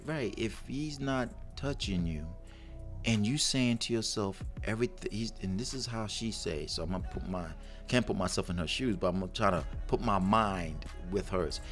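A man's voice: on the low side, moderate pace, faint music behind. A man co-hosting a talk show, speaking casually and emphatically, with slang and a stream of rhetorical questions. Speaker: advice show co-host. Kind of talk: casual on-air chat.

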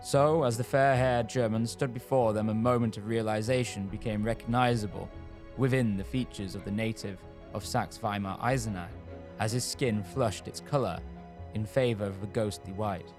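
A man reading a scripted true-crime story in a measured storytelling manner. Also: lowish voice, fairly even intonation, darkish tone, soft background music. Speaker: narrator.

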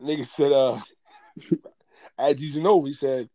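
Male comedian, loud and excitable, slangy and profane, laughing through his lines, dry close sound. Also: mid-range voice, normal speed, no room sound. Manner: animated, profane storytelling with lots of slang; gets loud and excitable, often laughing mid-sentence. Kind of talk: stand-up storytelling.

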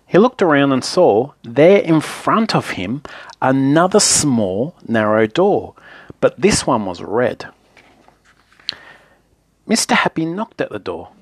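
A man reading a children's story aloud in a playful, lively, repetitive way. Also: mid-range voice, takes it slowly, long pauses, slightly rough, no room sound.

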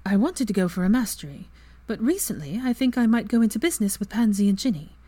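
A woman's voice: lively intonation, quick pace, close to an everyday voice. Woman voicing a fierce young witch. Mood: bright. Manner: raised, forceful, higher than her narration. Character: fierce clever young witch, proud and sharp-tongued.

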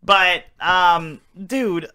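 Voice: medium pitch, drawn-out words, pushed and bright, smooth. A podcast co-host who swears freely and laughs constantly in casual banter.

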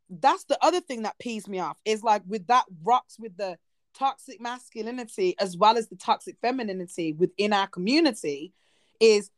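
A woman in her thirties chatting casually on a talk show, animated and expressive, with quick asides. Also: fairly high pitch, dry recording, clean studio sound. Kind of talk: casual chat.

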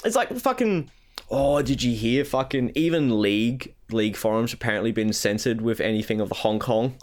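A man's voice: mid-range voice, animated, moderate pace. A man co-hosting a casual gaming podcast, ranting with lots of swearing and mocking impressions. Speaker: podcast co-host.

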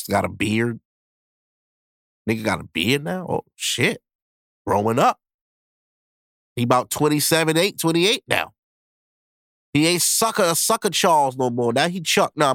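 A man's voice: fairly high pitch, fairly bright tone, dry recording, clean studio sound. A man hosting a podcast in casual chat, blunt and profane, acting out people as he goes. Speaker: podcast host.

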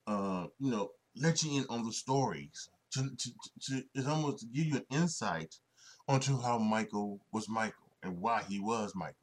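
This young man hosts a solo sports podcast, his fairly low voice animated and moving at a normal speed. He rambles, restarting often, filling gaps with fillers and chuckling frequently.

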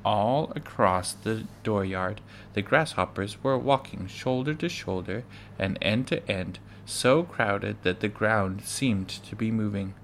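Guy slowly reading a kids book out loud, lowish voice, trips on words now and then. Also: slight background noise. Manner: measured, with occasional stumbles. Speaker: reader. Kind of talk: reading a children's book aloud.

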